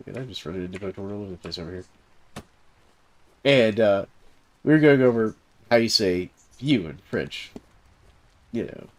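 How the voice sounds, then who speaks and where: A man's voice: lowish voice, darkish tone. A man with a Southern US accent chatting casually while streaming a game, rambling through stories with lots of fillers and chuckles. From Southern United States. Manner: rambling storyteller, heavy fillers, chuckles through his tale. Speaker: game streamer and server host. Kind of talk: casual chat while gaming on a live stream.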